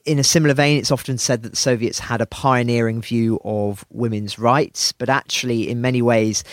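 A man's voice: fairly low pitch, no room sound, clean studio sound. A British man co-hosting a podcast, talking through history in an earnest, emphatic way with frequent restarts. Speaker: podcast co-host. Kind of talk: analytical podcast discussion.

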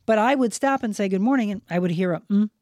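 Woman podcast guest, earnest storyteller, even mid voice, dry close mic. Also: mid-range voice, quick pace, no echo. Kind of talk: storytelling in casual podcast chat.

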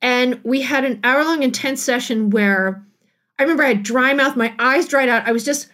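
A middle-aged woman, a guest author on a podcast, telling a personal story in a casual, animated way and laughing often. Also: high voice, normal speed. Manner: animated, laughing, acts out quotes.

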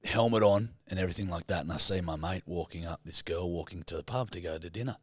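A man's voice: sits low, fast talker, breathy edge, no room sound, clean studio sound. A young man co-hosting a podcast, telling a story in casual chat, swearing freely and acting out what people said. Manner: swearing, laughing, acts out quotes. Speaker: podcast co-host.

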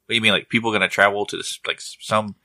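Low-voiced rambling podcast man. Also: fairly even intonation, rapid-fire, sharp tone, dry recording. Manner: rambling, restarts, jokey. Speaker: podcast co-host. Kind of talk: casual chat.

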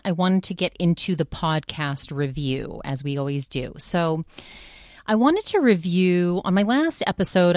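A woman's voice: lowish voice, no echo, clean studio sound. A woman hosting her own podcast, talking casually in a rambling, chatty way with frequent restarts. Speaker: podcast host. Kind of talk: casual solo podcast monologue.

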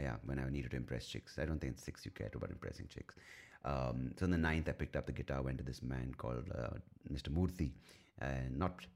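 A man's voice: very deep voice, darkish tone. A man, hosting a casual solo podcast, rambling and self-mocking and swearing freely. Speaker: podcast host.

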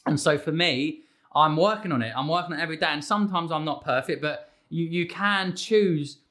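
A man's voice: on the high side, a little fast. A man, chatting casually as a guest and acting out his children's voices. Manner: animated, acts out his kids' voices. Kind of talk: casual conversation.

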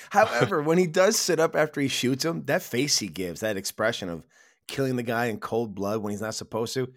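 A man in a casual film podcast chat, animated, laughing often and swearing casually. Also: medium pitch, normal speed, dry recording, studio quality.

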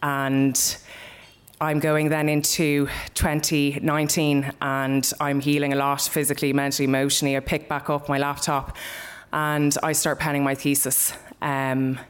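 A woman's voice: sits low, completely flat delivery, normal speed, smooth. A young Irish woman telling a personal story live, in a candid, conversational way with plenty of swearing.

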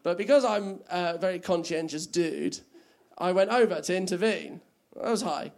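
A man's voice: high-pitched, moderate pace, vocal fry, darkish tone. A man performing a stand-up comedy set, rambling and self-mocking and laughing at his own jokes.

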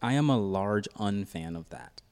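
Young male co-host, very deep voice, relaxed and deadpan. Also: a little slow. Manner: laid-back, flat, matter-of-fact. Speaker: podcast co-host. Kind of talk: casual chat.

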